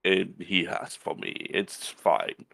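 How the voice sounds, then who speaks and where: Brief: male player, very slow and gravelly, low voice, dry teasing humor. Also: very animated, bright, forceful tone. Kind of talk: casual tabletop role-play.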